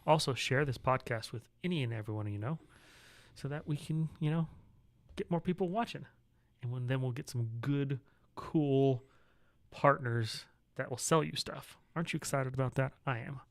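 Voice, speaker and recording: Man, podcast co-host, playful and teasing, mid-pitched, dry close sound. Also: no echo. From Utah, United States. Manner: joking, drawn-out teasing delivery. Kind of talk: casual political chat.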